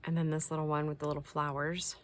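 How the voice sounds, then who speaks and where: This is a low-pitched woman talking fast with little pitch movement. Casually chatting, she displays crafty subscriber mail, gushing over each piece softly and sometimes whispering.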